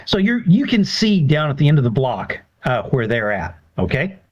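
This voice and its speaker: A man running a tabletop game as game master, relaxed and encouraging with his players. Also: medium pitch, moderate pace. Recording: dull lo-fi recording.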